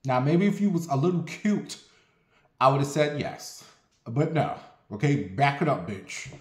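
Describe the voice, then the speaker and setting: A man's voice: medium pitch, measured pace. Brief: a sassy, profane man in his forties telling stories to camera, with a mid-range voice in a roomy, echoey space. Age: 40s. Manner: blunt, sassy, profane, animated. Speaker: vlogger. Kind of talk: casual storytelling monologue. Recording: roomy echo.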